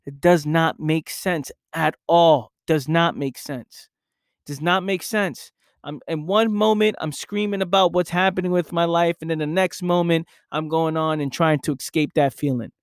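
A man's voice: a little high, steady tone, normal speed, smooth, dry recording, studio quality. A young man speaking in an intense motivational monologue, acting out his own past inner voice.

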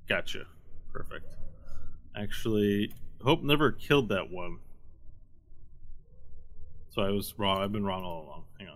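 A man's voice: lowish voice, a little slow, long pauses, a bit bright. A man narrating as game master of a tabletop game in a casual, easygoing way, with frequent fillers and easy laughter.

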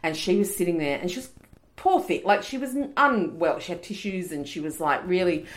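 A woman's voice: on the low side, a little fast. A woman, co-hosting a podcast in casual chat and telling stories with acted-out voices. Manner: animated storyteller, acts out voices. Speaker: podcast co-host.

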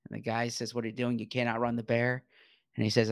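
A man's voice: medium pitch, monotone, fast talker. A man in casual podcast chat, hesitant, stammering and restarting his sentences.

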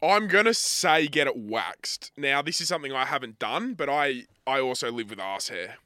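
Bright-voiced blunt man. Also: medium pitch, lively intonation, moderate pace, no room sound, clean studio sound. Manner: blunt and jokey, swears casually. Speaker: podcast co-host. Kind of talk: casual chat.

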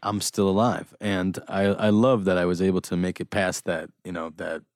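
A man's voice: low-pitched, little pitch movement, moderate pace, darkish tone, no echo, clean studio sound. A man, an actor who hosts a podcast, chatting in a laid-back way and swearing freely. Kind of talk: casual chat.

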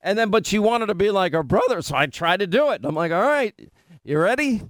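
A man's voice: high voice, animated, fast talker, no echo. A middle-aged man hosting a radio show, telling rambling stories with lots of restarts in casual banter. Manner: rambling, self-interrupting storyteller. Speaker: radio host.

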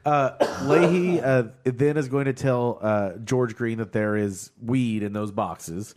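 A man's voice: medium pitch, takes it slowly, darkish tone. A man co-hosting a casual podcast chat from Oklahoma, recapping a TV episode with lots of fillers, restarts and laughter. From Oklahoma, United States. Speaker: podcast co-host.

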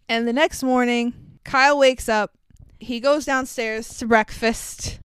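A woman's voice: fairly high pitch, a little slow, clean tone, dry recording, clean studio sound. A woman co-hosting a podcast, retelling a movie with laughs and swearing. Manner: laughing, profane, animated retelling. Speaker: podcast co-host. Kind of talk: casual movie recap chat.

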